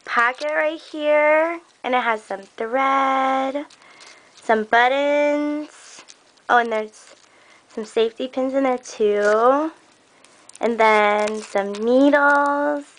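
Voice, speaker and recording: Young woman, high voice, bright tone, unhurried, gushing and excited, casual unboxing chat. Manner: gushing, excited, many gasps and laughs. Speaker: crafting vlogger opening a swap package.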